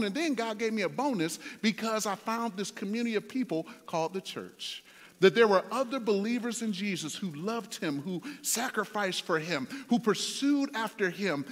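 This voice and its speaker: Man preaching in a reverberant hall. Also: high-pitched. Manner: conversational storytelling with fillers. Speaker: pastor. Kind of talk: sermon.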